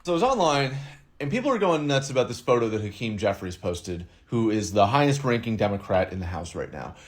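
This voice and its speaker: A man's voice: fairly low pitch, big pitch swings, a little fast. A man giving an explanatory video commentary, methodical and reasoning step by step. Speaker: online commentator.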